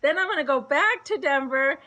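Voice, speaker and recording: A woman with a high, bright voice talks casually and at length about her day. Her talk is upbeat and a bit rambling, full of asides. She sounds like a caller on a live show. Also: expressive, normal speed. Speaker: caller celebrating her birthday. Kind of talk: casual chat.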